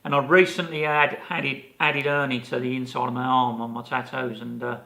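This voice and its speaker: An older man tells a story on a casual podcast, rambling with lots of "you know" and restarts. His voice is gravelly with a bright, forceful edge. He sounds animated as he acts out the scene. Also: mid-range voice, brisk. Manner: animated anecdote teller, many fillers and restarts. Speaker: podcast co-host.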